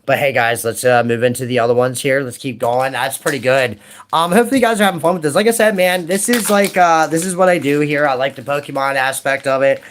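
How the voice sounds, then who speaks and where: A man in his late thirties chatting casually while opening trading card packs, rambling and excitable, full of "dude" and "man". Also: mid-range voice, fast talker. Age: 30s. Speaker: card-opening video host.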